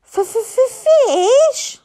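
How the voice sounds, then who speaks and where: A stammering, hissing baby dragon. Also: female voice, very high voice, expressive, extremely slow, dark tone, pitched above the performer's own voice, heavily acted. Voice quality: stuttering, hissing. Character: tiny hungry baby dragon, greedy and stammering.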